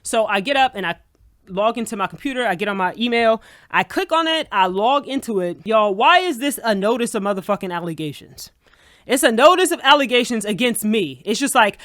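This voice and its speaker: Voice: mid-range voice, animated, brisk, fairly bright tone, no room sound, studio quality. A vlogger telling a personal story as a casual, indignant rant, swearing freely and talking straight to the viewers. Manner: profane, indignant, addresses viewers as y'all.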